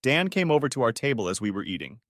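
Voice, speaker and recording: A man's voice: medium pitch, big pitch swings, quick pace, no room sound, clean studio sound. A man narrating a first-person story in a bitter, tight-lipped way.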